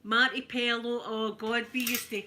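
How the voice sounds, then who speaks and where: A Glaswegian woman in her fifties, chatting softly in an ASMR video while ironing, telling lively stories and answering viewers in broad Scots. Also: fairly high pitch, moderate pace, a little hiss or hum. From Scotland. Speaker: ASMR creator. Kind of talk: soft-spoken ASMR chat while ironing.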